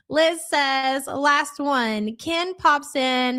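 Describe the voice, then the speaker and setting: A woman's voice: high-pitched, unhurried, hardly any pauses, bright, forceful tone. Sarcastic middle-aged woman streamer. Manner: sarcastic and mocking. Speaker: reaction livestream host. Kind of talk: live reaction commentary, reading chat messages.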